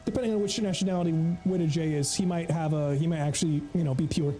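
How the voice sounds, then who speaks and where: A Southern-accented man from the American South, in the United States, livestreams a game and chats casually with his chat, joking and rambling. His voice sits a little high, with a steady tone, a quick pace and a mellow quality. Faint music plays behind him.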